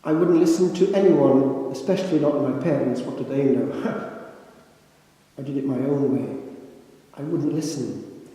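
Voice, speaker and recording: Slow-speaking older priest in echoing church. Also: male voice, medium pitch, warm tone. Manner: slow, reflective storytelling with dramatic pauses. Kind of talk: sermon. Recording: echoey church with long reverb.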